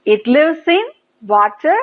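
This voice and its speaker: Slow, high-voiced Indian woman teacher. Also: expressive. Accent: Indian English. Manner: slow, sing-song prompting with repeated praise. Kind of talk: children's English lesson on TV. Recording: tinny phone-like broadcast audio.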